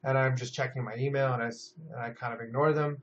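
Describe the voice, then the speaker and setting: A man's voice: mid-range voice, steady tone, quick pace, a bit bright. Casual lecturing man, dull lo-fi recording. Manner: conversational, many fillers and "right?" tags. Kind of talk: psychology lecture.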